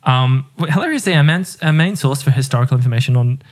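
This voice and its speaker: A chatty man talks through beer history on a casual podcast. His voice sits in a middle pitch. He laughs often and drops the odd swear word. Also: animated, fast. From Ireland. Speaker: podcast co-host.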